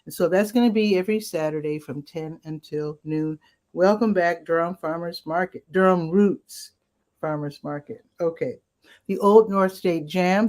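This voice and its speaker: A woman's voice: fairly low pitch, a little mellow. A woman hosting a casual rundown of local weekend events, chatty and upbeat with asides, her voice cracking now and then. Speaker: community events host.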